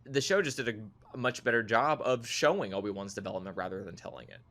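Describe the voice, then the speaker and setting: A man co-hosting a podcast in casual chat, acting out quoted lines with animated bursts. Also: on the low side, fast talker. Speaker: podcast co-host.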